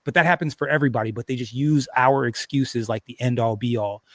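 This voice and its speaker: A man hosting a casual livestream, rambling along in plain conversation. He doubles back and restarts his sentences often, at a middling pitch. The sound is close and dry, with little room around it. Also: fast talker, no room sound. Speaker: livestream host.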